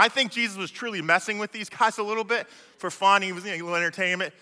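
A man's voice: high voice, racing, pushed and bright. A man preaching a sermon, retelling Bible stories in casual slang with frequent restarts. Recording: long hall reverb.

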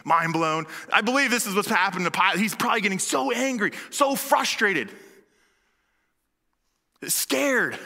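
A man preaches a sermon in an animated, conversational manner. His voice sits high with a sharply bright edge, and a long hall reverb trails his words. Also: unhurried, pauses often.

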